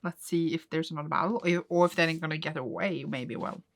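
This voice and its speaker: A woman casually retelling and reacting to a comic she is reading, excitable and emotional, often laughing and close to tears. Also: deep voice, fairly quick. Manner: excitable, gushing, laughs often, retells scenes with quoted voices. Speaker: manga reaction vlogger.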